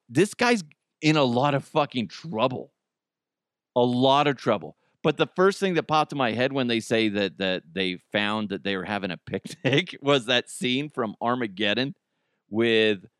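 A man's voice: medium pitch, animated, measured pace, fairly bright tone, clear, resonant tone, no room sound, clean studio sound. A man hosting a comedy podcast, riffing on news stories in a crude, rambling way and laughing at his own jokes. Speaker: podcast host. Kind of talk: casual comedic commentary.

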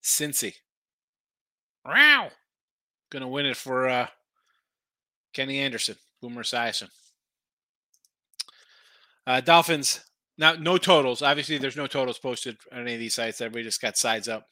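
A man's voice: mid-range voice, bright, forceful tone, dry recording. A man hosting a live late-night sports betting stream, firing off brash picks and talking to his chat while tired and yawning. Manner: brash, rapid-fire opinions, talks to chat. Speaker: sports betting show host.

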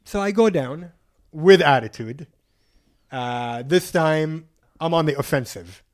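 Man, casual podcast chat, animated storyteller, slightly high voice. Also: slow. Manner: animated storyteller, acts out quotes, laughs often. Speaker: podcast co-host telling a travel story.

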